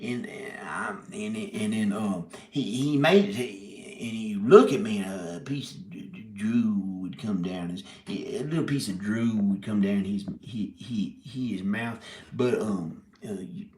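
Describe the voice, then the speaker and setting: A man's voice: lowish voice, a little slow, darkish tone. A man telling a rambling comic story, stopping and restarting his words and giggling often. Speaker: video maker telling a story. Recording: echoey room.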